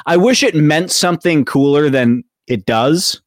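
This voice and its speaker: A man chatting as a guest on a podcast, easygoing and relaxed. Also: on the high side, measured pace, no room sound, clean studio sound. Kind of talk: casual podcast chat.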